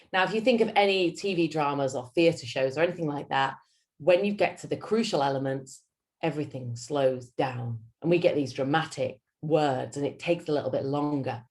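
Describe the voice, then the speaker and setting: Her voice low and her accent Yorkshire, a public speaking coach gives a lunch-and-learn talk full of theatrical animation, her tone climbing and dipping throughout.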